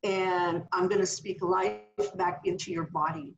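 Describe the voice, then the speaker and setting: A middle-aged woman minister, a podcast guest, telling a healing testimony in an animated way and acting out the voices she quotes. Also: fairly low pitch, measured pace, vocal fry, highs cut off, soft background music. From California.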